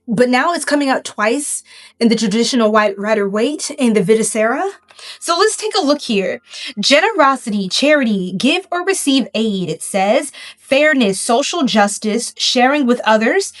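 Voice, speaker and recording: Chatty woman giving a tarot reading. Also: fairly high pitch. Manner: rambling, full of "like" and "right?"; addresses viewers directly. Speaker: tarot reader. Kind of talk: casual spiritual tarot reading.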